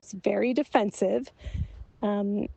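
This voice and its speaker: A woman recording a casual, confessional voice memo to a friend, reflective and halting, with many fillers and soft laughs, into a phone. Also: medium pitch, steady tone, gravelly, dry recording. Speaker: author and guest in voice memo exchange.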